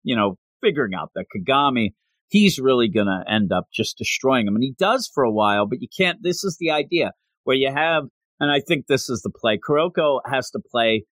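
A man talking casually on a podcast, with a lively voice that rises and falls a great deal. He retells scenes with energy and slips briefly into other voices to act out the characters. The sound is dry and close, with almost no room echo. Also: medium pitch. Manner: animated storytelling, acting out characters' lines in quick voices. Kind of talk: casual chat recapping a basketball anime.

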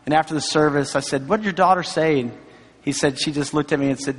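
A middle-aged man preaches to his church, his voice pitched high for a man. He tells stories in an earnest, encouraging way, dropping in asides as he goes. The sound rings with the long reverb of a large sanctuary. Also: fast, slightly rough. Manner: storytelling, earnest and encouraging, many asides like "right?" and "you know". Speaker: pastor. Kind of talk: sermon.

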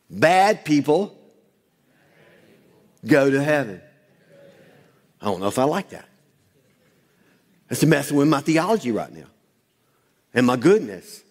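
A man's voice: medium pitch, big pitch swings, measured pace, pauses often. A man preaching a sermon, quoting scripture, asking questions and answering them himself, and calling on the congregation to repeat lines back. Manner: quotes scripture, asks and answers own questions. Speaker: pastor. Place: church sanctuary. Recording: long hall reverb.

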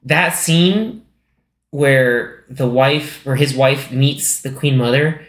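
A man's voice: medium pitch, slow, roomy sound. A man co-hosting a podcast, chatting casually about a film, rambling with many fillers and acting out quotes. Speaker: podcast co-host. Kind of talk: casual movie chat.

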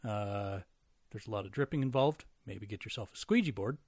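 A man's voice: on the low side, normal speed, darkish tone, no room sound, studio quality. A man co-hosting a casual comedy podcast, wry and self-deprecating, making puns. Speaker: podcast co-host.

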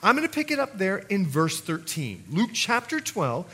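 Animated preaching pastor with a bright voice. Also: male voice, high voice, moderate pace, slightly rough. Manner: animated, rising to loud emphatic passages. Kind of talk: sermon. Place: church sanctuary.

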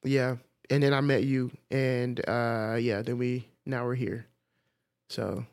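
A man co-hosting a podcast in casual chat, animated, often laughing, with many fillers. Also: medium pitch, slow. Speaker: podcast co-host.

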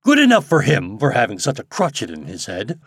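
A man voicing a hearty, bossy older gentleman who teases and boasts loudly. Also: huge pitch swings, a little fast, breathy edge, no room sound, studio quality, exaggerated voice. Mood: jovial. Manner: booming, boastful, teasing.

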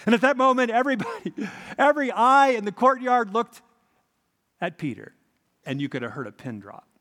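A man preaches a sermon, telling the story with lively, dramatic emphasis. His voice sits high and swings widely in pitch. It rings out with the long reverb of a large hall. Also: normal speed. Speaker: pastor.

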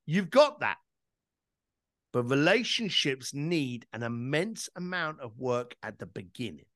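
Animated man, dry close sound. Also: mid-range voice, measured pace, no room sound. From East London, England. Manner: animated, emphatic, casual swearing. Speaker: podcast guest, entrepreneur and speaker. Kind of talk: conversational interview storytelling.

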